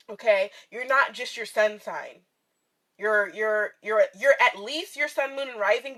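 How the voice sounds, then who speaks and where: A woman's voice: on the high side, a bit bright. A woman vlogger and spiritual reader talking candidly and tearfully to her viewers, swearing freely and laughing often. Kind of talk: casual heartfelt livestream talk. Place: in her van in bright sunlight.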